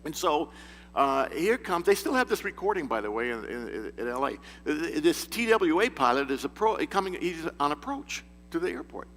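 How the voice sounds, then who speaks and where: A man's voice: a little high, very animated, moderate pace, fairly bright tone. Guy preaching at a men's breakfast, folksy storyteller, keeps chuckling and restarting, faint hum in the room. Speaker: speaker at a men's group. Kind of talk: informal sermon to a men's breakfast. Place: church meeting room. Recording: echoey hall with faint hum.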